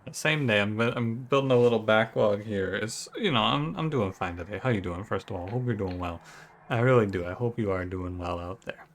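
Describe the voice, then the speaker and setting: A man's voice: fairly low pitch, a little fast. A man with a Michigan accent, chatting casually and thinking aloud as he opens a let's-play video for his channel. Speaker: gaming YouTuber.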